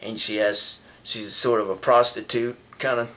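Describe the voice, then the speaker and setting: A man voicing an upset fellow bus rider who complains about his girlfriend, halting as he searches for words. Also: mid-range voice, level tone, sharp tone, lightly acted.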